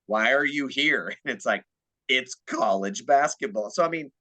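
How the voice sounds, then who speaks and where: A man co-hosting a sports podcast in relaxed, easygoing chat. He talks at a plain middle pitch and recounts a story from a shared trip. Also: normal speed, a crowd in the background. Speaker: podcast co-host.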